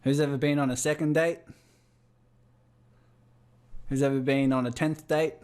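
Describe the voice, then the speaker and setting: A man's voice: on the high side, steady tone, normal speed, a little mellow, clear, resonant tone. A man with an Australian accent leading a group coaching call over a video call, firing rhetorical questions at his listeners. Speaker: business coach.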